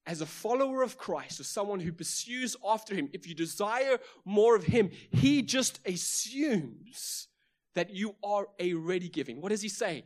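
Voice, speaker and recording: Man, South African accent, pastor, sermon, emphatic, repetitive, somewhat high pitch. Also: lively intonation, unhurried. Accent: South African English. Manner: emphatic preaching with repeated phrases and rhetorical questions.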